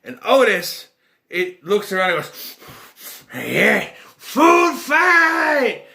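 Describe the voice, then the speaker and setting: Chatty man with a bright, forceful voice. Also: a little high. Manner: rambling, chuckling, loose slangy storytelling. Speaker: wrestling vlogger. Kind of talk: casual recap of a wrestling event.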